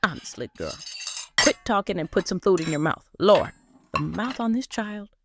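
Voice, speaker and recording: A nosy mama. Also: female voice, on the low side, expressive, normal speed, heavy background noise. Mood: teasing. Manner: doting, gossipy, teasing. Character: chatty Southern trailer-park mother, nosy and doting. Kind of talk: audio drama acting.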